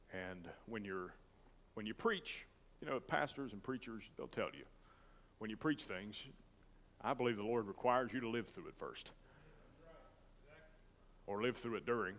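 A man pastor preaching a sermon with great emotion, moving between loud declarations and soft, near-whispered lines. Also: fairly low pitch, big-room sound, slight background noise.

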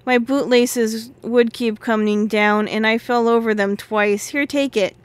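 A woman's voice: on the high side, steady tone, unhurried, natural voice. A woman doing a breathless eager little girl.

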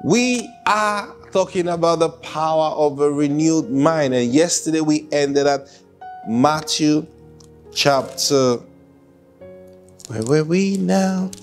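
A man preaching a sermon, lively with laughs and acted-out quotes. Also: a little high, takes it slowly, long pauses, faint music behind. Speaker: pastor.

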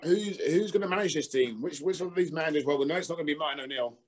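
Man, podcast co-host, casual chat, joking interjections, raised pitch. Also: fast.

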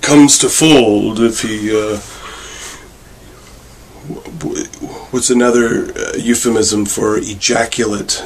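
A man vlogging a rambling comic monologue with wry, meandering deadpan asides. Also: fairly low pitch, takes it slowly, long pauses, a little hiss or hum. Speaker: vlogger and bar worker.

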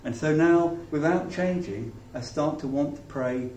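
Male pastor, mellow and echoey. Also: a little high. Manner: reflective, halting, with many restarts. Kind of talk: sermon with closing prayer. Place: church hall. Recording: echoey hall from far off, faint noise.

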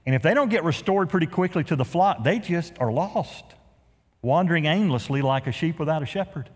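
Male pastor, middle-aged, lively sermon delivery, slightly high voice, long church reverb. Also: brisk. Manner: animated preaching, swings from loud emphasis to hushed lows; folksy, joking asides. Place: large church sanctuary.

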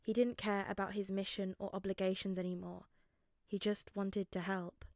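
A woman reading fanfiction aloud as narration, in a gentle, measured way. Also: mid-range voice, level tone, no room sound, clean studio sound. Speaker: podfic reader.

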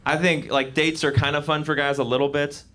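A young man performing a live stand-up comedy set on a club stage, animated and slipping into voices for his bits. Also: a little high, fairly quick. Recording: live club recording with audience noise. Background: audience laughter.

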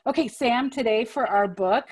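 A woman leading a children's library storytime, cheerful and unhurried as she reads aloud to kids. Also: a little high, husky.

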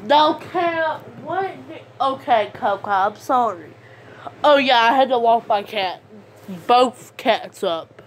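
A woman's voice: a little high, animated, takes it slowly, slight background noise. A woman vlogging in a casual, rambling way, giggling often as she reads out comments. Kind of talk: casual vlog chat, reading out comments.

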